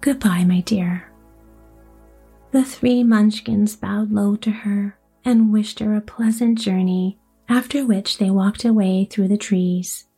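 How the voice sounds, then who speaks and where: Woman narrator, storybook reading, soft, half-whispered, mellow, breathy, faint music. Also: mid-range voice, fairly even intonation, a little slow. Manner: soft, often drops to a whisper. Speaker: audiobook narrator.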